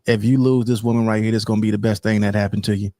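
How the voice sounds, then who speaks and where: A man's voice: fairly low pitch, little pitch movement, racing, warm tone, dry recording. Emphatic man with a dry voice. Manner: repetitive, emphatic, talks straight to viewers. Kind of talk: casual commentary.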